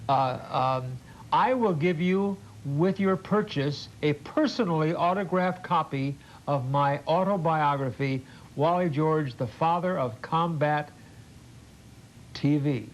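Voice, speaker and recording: An older male TV host doing an in-studio sales pitch, halting and repeating words, with a jokey folksy manner. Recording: muffled old TV broadcast with faint hiss.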